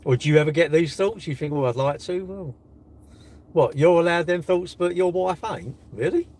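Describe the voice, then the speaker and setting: A man's voice: on the high side, moderate pace, darkish tone. Cocky older man teasing his chat. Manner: cocky, teasing banter with viewers. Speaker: livestream host reading chat. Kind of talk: casual live-stream chat.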